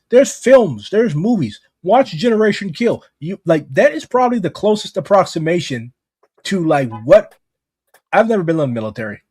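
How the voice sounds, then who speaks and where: Brief: heated, profane American man, husky tone, casual podcast chat. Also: high-pitched, darkish tone, no echo, studio quality. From United States. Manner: blunt, profane, heated rants.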